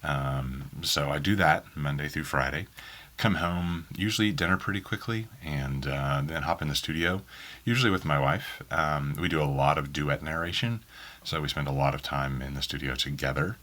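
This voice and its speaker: A man's voice: rumbling low, moderate pace, fairly bright tone. A man from Oklahoma with a faint Southern accent, an audiobook narrator answering interview questions in a rambling way full of ums. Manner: rambling, many ums and restarts. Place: small home booth in a spare bedroom.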